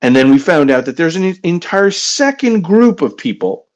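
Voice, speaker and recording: A man playing a tabletop game who talks deliberately, laying out plans for the group. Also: on the high side, sing-song, a little mellow. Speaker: player.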